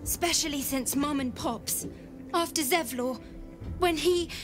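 An actress voicing a scrappy, streetwise young tiefling girl who talks in rough folksy grammar, from a game. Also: high-pitched, a little slow. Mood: sad. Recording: game audio with music behind.

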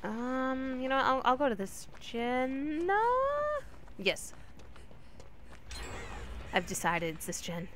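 A woman streamer giving casual commentary while she plays, chatty and talking to her teammates and the killer, with sudden excited yelps. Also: high-pitched, slow pace, pauses often, slight background noise. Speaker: gaming streamer.

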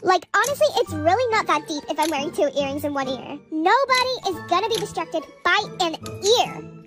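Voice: very high voice, big pitch swings, fairly quick, music in the background. A synthetic text-to-speech voice narrating an exasperated storytime.

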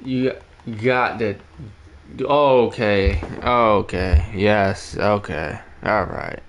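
A man's voice: on the low side, extremely slow, slight background noise. A man streaming a video game, chatting casually and in slang with his viewers and jokingly scolding them. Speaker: gaming streamer. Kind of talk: casual live-stream chat while playing.

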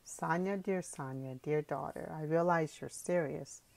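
A chattering village mother, tearful and excitable, rambling on in an audiobook story, put on by a woman narrator. The voice sits low. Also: a little slow, vocal fry, no echo, poor audio. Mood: emotional.

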